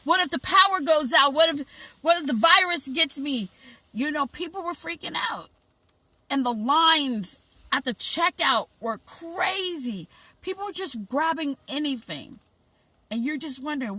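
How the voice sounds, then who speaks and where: High, bright-voiced woman vlogging. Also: measured pace, no echo. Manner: animated, retells events with lots of quoted self-talk and repetition. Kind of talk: casual personal storytelling to viewers.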